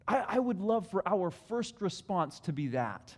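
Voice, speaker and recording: A man preaching a sermon in a hall, animated, acting out prayers in different voices. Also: sits high, moderate pace, few pauses. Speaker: pastor. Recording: long hall reverb.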